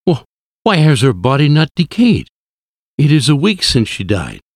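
A man's voice: a little high, wildly swooping pitch, moderate pace, no echo, clean studio sound, pitched above the performer's own voice, full character voice. A man voicing a young doctor, fearful and stammering, his voice raised. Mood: frightened. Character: young male doctor, frightened and shaken.

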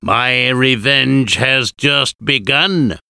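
A man voicing a menacing male vampire count, speaking his threats in a raised, drawn-out voice. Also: medium pitch, vocal fry, bright, forceful tone, smooth, no room sound, studio quality, voice pushed up, heavily acted. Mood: vengeful.

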